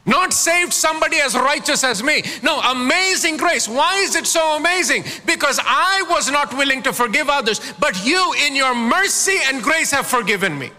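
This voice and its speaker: A man's voice: very high voice, expressive, normal speed, hardly any pauses, pushed and bright, in a large hall. A man preaching a sermon as pastor, calling on his congregation to answer back. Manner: preaching with call-and-response prompts to the congregation.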